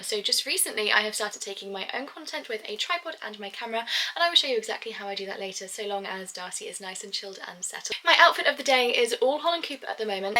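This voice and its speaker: Chatty high-voiced woman vlogging. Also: bright, forceful tone. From England. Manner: chatty and upbeat, with frequent laughs; high sing-song calls to horses. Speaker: equestrian vlogger. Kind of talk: casual vlog chat. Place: outdoors at a windy field.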